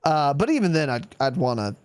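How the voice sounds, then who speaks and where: A man co-hosting a gaming podcast, talking in casual chat with a lively voice that swings up and down as he mocks corporate statements. He is sarcastic and swears freely. The sound is dry and close. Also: fairly high pitch, a little fast, clear, resonant tone, dry recording. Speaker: podcast co-host.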